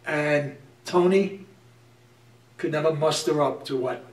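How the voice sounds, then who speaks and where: A man's voice: fairly high pitch, slow, roomy sound, recorded from a distance. A man hosting an interview, recounting stories with frequent hesitations. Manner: hesitant, many "uh" fillers. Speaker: host. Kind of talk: casual interview chat.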